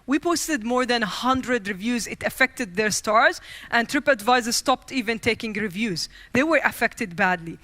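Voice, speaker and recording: Female keynote speaker, bright and forceful tone, dry close sound, animated storyteller who acts out quotes. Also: a little high, moderate pace, no echo. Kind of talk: storytelling speech. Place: conference stage.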